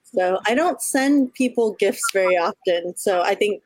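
A woman co-hosting a podcast in casual chat, effusive and quick to laugh, swearing freely. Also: medium pitch, expressive, dry recording. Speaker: podcast co-host.

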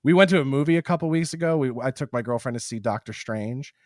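A man's voice: mid-range voice, fast talker, dry recording, clean studio sound. A man, a stand-up comedian and podcast guest, telling stories in casual chat and laughing at his own jokes.

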